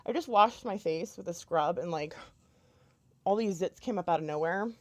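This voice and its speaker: A woman's voice: lowish voice, normal speed. A young woman chatting casually into her camera, telling a long story with many fillers and restarts. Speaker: YouTuber. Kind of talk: casual storytelling while doing makeup.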